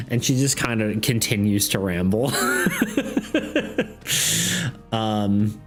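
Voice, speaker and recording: A man's voice: fairly low pitch, steady tone, moderate pace. A man running a tabletop game on stream, narrating loosely with frequent laughter and self-deprecating asides. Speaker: game master. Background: faint background music.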